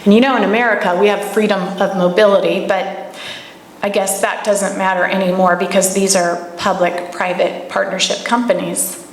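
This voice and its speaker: A woman's voice: medium pitch, little pitch movement, moderate pace. A woman giving a live talk to an audience, telling stories and asking the room pointed questions. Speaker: speaker at a camp gathering. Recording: echoey room with faint background noise.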